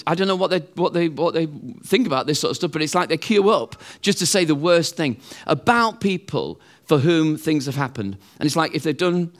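A middle-aged man preaching a sermon in a conversational way, acting out the voices of other people. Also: a little high.

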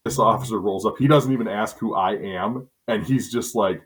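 A middle-aged man from Wisconsin, telling stories in a relaxed, chatty way on a podcast. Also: fairly low pitch, moderate pace. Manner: relaxed, chatty storyteller with asides and self-corrections. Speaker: podcast co-host. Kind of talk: casual storytelling.

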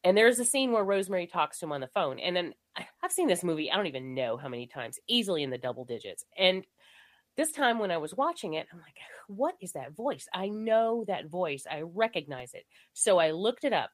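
A woman's voice: fairly low pitch, sing-song, fast. A woman co-hosting a casual movie podcast, rambling with lots of fillers and frequent laughter. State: recovering from illness. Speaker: podcast co-host.

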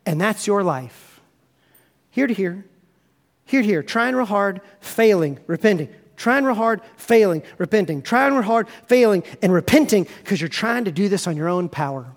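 A male pastor delivers a sermon in a lively, conversational way, building pictures with stories. His voice is very high for a man, and he often drops in "man" and "right.". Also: moderate pace. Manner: animated storytelling, conversational, repeats "man" and "right".

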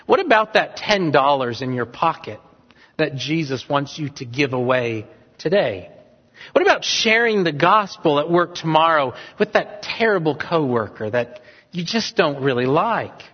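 A man's voice: a little high, big pitch swings, measured pace, slightly rough. A male pastor preaching an earnest sermon, driving points home with repeated questions. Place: church sanctuary. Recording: dull sound with long hall reverb.

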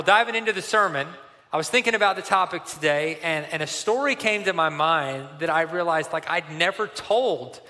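Bright-voiced pastor in a reverberant hall. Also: male voice, a little high. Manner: animated, conversational storytelling. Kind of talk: sermon with a personal story.

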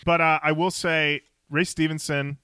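Male podcast co-host, lively scene-by-scene storyteller, bright and a bit high. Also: normal speed, clear, resonant tone, no room sound, clean studio sound. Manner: animated scene retelling, laughs often. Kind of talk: casual chat.

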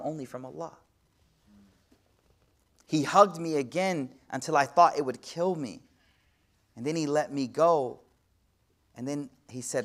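A man preaching with a voice pitched a little above the usual male range. He talks straight to his audience in slangy asides, swings from near-whispers to loud peaks, and recites Arabic quickly. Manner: slangy, addresses audience directly. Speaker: Islamic teacher. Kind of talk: sermon-style lecture.

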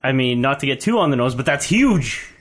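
A man co-hosting a casual podcast, excitable and padding his talk with fillers. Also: medium pitch, fairly quick. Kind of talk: casual chat.

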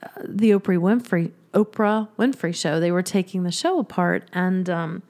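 A woman's voice: on the low side, moderate pace. A woman hosting her own podcast from her home office, chatting casually and emotionally with frequent laughs and rambling restarts. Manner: warm, giggly, emotional, rambling. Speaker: podcast host. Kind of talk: casual solo podcast chat.

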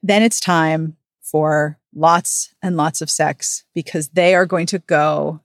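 A woman with a fairly low voice hosts a podcast, telling the story of a novel in a frank, animated way. The sound is dry and close to the mic. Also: takes it slowly, no echo. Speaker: podcast host. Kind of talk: casual book recap chat.

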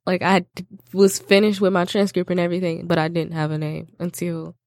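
A young woman hosting a podcast with a Michigan accent, chatting casually and reading out a case in a relaxed way. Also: fairly low pitch, brisk, no echo, studio quality. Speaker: podcast host and case narrator.

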